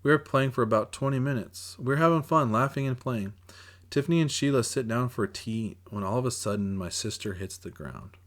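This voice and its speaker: A man's voice: mid-range voice, fairly quick. A man reading his own novel aloud in first-person audiobook narration, in an earnest, plain way.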